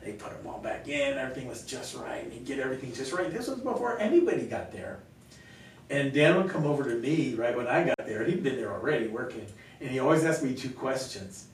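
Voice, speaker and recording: A male pastor talking earnestly in a conversational Q&A, telling stories with gentle laughs. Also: very animated, brisk. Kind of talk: conversational Q&A teaching. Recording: echoey room, mic far off, faint rumble.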